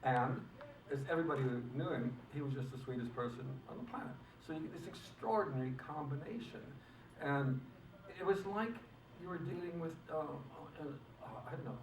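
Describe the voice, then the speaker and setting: An older film director in a press interview, talking haltingly and restarting often as he searches for words. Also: on the high side. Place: convention room. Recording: echoey room, mic far off, faint noise.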